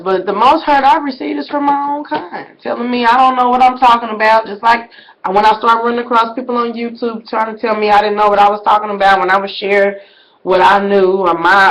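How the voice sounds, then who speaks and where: A woman talks straight to her viewers in a loose, casual vlog. Her delivery swings widely, sinking to near-whispered asides and then leaping up into loud, shouted exclamations. She keeps calling out to her audience as "y'all". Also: mid-range voice, low-quality recording. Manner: conversational, addresses viewers as "y'all". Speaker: vlogger.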